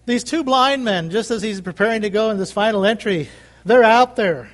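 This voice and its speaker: A man's voice: high-pitched, normal speed. A man preaching a sermon, emphatic and repetitive, calling out for amens from the congregation. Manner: emphatic, repeats phrases, calls for amens.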